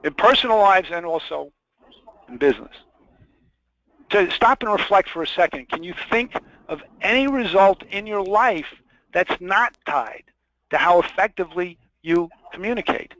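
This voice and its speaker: A man with a high, ringing voice leads a sales training webinar. He leans hard on key points and repeats them for weight. He poses questions straight to his listeners. The audio is muffled and lo-fi and carries no room sound. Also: expressive, normal speed, fairly bright tone, no echo. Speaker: webinar presenter. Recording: dull lo-fi dry webinar audio.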